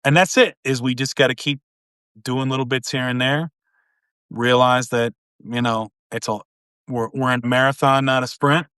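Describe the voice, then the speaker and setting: A man's voice: mid-range voice, steady tone, moderate pace, sharp tone, clean tone, no echo. Middle aged guy on a live video call, earnest and rambly, lots of "you know", dry close sound. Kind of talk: casual conversation on a live stream.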